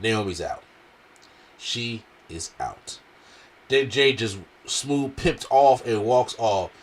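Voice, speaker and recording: A man with a strained, worn throat talks through a wrestling event at an everyday middle pitch. His delivery is animated and slangy, and he jumps into bits of other people's voices. It sounds like a relaxed casual review. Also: slow pace.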